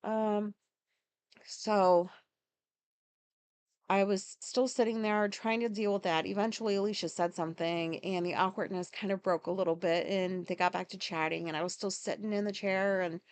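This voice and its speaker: A woman's voice: mid-range voice, steady tone, normal speed, darkish tone, clear, resonant tone, no room sound. A woman hosting a podcast, talking through her day in a rambling, casual monologue full of fillers and swearing. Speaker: podcast host.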